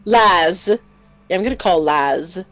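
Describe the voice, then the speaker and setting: A woman's voice: lowish voice, lively intonation, slow pace, over music, poor audio. A woman commentating a fighting game tournament in a casual, hyped way, laughing often and using slangy speech.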